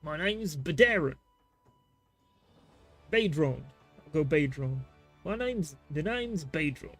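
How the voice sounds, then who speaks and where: A man voicing a rough-spoken male tavern keeper in a game, stumbling folksily over the lines. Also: on the high side, expressive, a little slow, a bit bright, soft background music. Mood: hearty.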